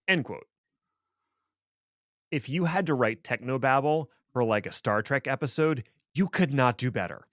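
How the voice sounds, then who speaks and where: A man's voice: mid-range voice, expressive, measured pace, long pauses, a bit bright, no echo. A man co-hosting a tech podcast, explaining things casually with dry, sarcastic asides. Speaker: podcast co-host.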